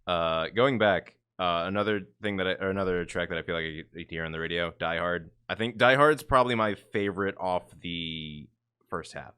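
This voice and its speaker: A man's voice: sits low, brisk, pushed and bright, clear, resonant tone. A man co-hosting a podcast, chatting casually about music in a laid-back way that is full of fillers. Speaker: podcast co-host.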